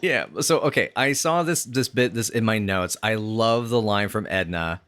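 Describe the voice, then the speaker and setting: Talking over a sitcom episode, another podcast co-host speaks with a lowish, slightly bright voice at a moderate pace and hardly pauses. His casual chat wanders, packed with fillers and restarts.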